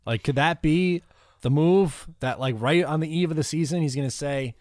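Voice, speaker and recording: A man's voice: fairly high pitch, moderate pace, dry recording, studio quality. A man co-hosting a casual podcast chat, joking and teasing. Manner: lively, joking, mocking. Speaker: co-host.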